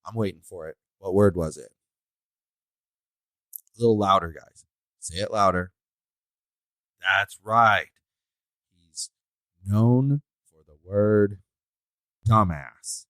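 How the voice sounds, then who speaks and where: A man's voice: lowish voice, slow pace, long pauses, a bit bright, no echo, poor audio. A man hosting a solo podcast, ranting in an indignant, emphatic way and drawing out the words he stresses. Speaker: podcast host.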